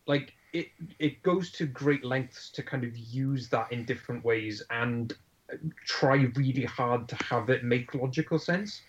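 A man's voice: medium pitch, measured pace, muffled recording. A man co-hosting a podcast, discussing a film in a thoughtful, analytical way with some hesitation. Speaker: podcast co-host.

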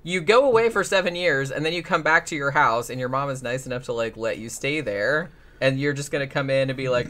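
A podcast host in casual conversation talks quickly in loose, rambling runs full of fillers. His middle-pitched voice has a sharp edge, and his dry, sarcastic tone comes with free swearing.

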